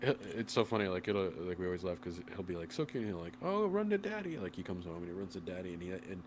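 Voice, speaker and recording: A man's voice: sits low, steady tone, very fast, noisy background. A man in his thirties with a cold, hosting a casual online chat show in a rambling, swearing way. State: sick with a cold. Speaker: podcast host.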